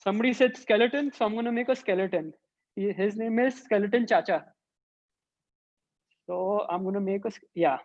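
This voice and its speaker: A woman leads a children's drawing workshop, chatting through each stroke as she draws. Her voice sits at a middling pitch. The audio is dull and lo-fi, like an online class call. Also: normal speed, pauses often, a little mellow. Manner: chatty, thinks aloud while drawing. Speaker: art teacher.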